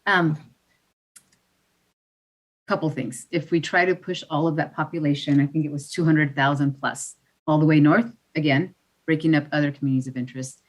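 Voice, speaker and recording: Woman, commissioner, low voice, thoughtful, plainspoken. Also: steady tone, moderate pace, long pauses. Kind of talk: meeting discussion.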